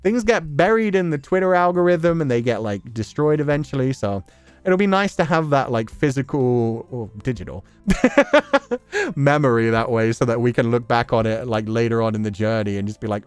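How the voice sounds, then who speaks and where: A man's voice: medium pitch, expressive, moderate pace, smooth, faint music behind. A man hosting a livestream, chatting loosely with viewers, full of fillers and frequent laughter. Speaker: livestream host. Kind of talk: casual livestream chat reading viewer messages.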